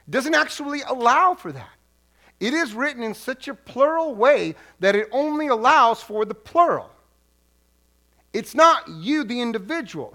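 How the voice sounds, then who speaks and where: A man preaching a sermon to his congregation in a lively, conversational way, often restarting phrases and repeating words. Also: extremely high pitch. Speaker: pastor.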